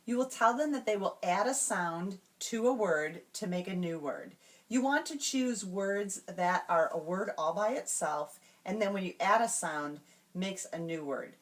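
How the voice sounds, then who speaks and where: A woman explaining classroom reading routines to teachers, slowly and carefully, and modeling each word sound by sound. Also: medium pitch, expressive. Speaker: teacher trainer.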